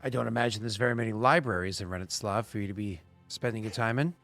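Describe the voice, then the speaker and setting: A man's voice: lowish voice, quick pace, a bit bright, soft background music. A man voicing a cold, suspicious army centurion who questions with curt, probing remarks.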